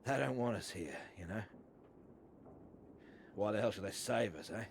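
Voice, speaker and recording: An actor playing a gruff, injured man who talks bluntly and swears casually. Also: on the low side, animated, moderate pace, slight background noise. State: hurting from a leg injury.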